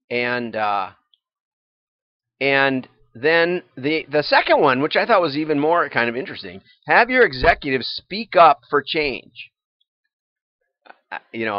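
A man's voice: medium pitch, no room sound. An older man hosting a casual livestream, chatting in a rambling way and chuckling often as he goes over news items. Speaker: livestream host. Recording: dull, lo-fi, dry livestream audio.

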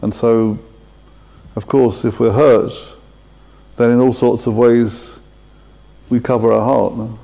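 A man speaking thoughtfully in a played clip, halting and restarting as he searches for words. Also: medium pitch, level tone, creaky, dark tone. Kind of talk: reflective talk.

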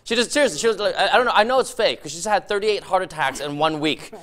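A man doing animated stand-up in a TV studio, laughing between jokes. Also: high voice, fast. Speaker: stand-up comedian.

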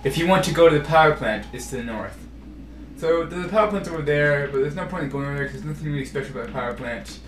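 Male let's-player, slightly high voice, rambling and self-correcting; roomy distant mic, game music behind. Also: fast talker, slight background noise. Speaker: let's play commentator. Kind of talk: casual gameplay commentary.

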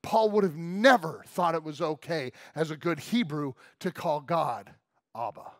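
A man preaching a sermon to his church in a casual, emphatic way, often saying "like" and swinging between loud and soft. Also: fairly high pitch, unhurried, creaky, no echo, studio quality. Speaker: pastor. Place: church service room.

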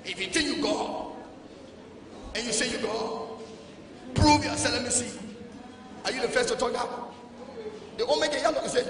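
Man, Liberian English accent, pastor preaching, shouted exhortation, long reverb in a big hall. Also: moderate pace, long pauses, noisy background. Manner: preaching, swinging between low talk and shouted exhortation. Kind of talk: sermon. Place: large church hall. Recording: echoey hall, distant mic, music behind.

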